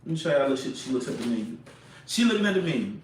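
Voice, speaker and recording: A young man telling a date story in a casual, animated way, repeating phrases and asking "you know what I'm saying". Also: mid-range voice, racing, far from the mic, a little hiss or hum. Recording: echoey room, off-mic.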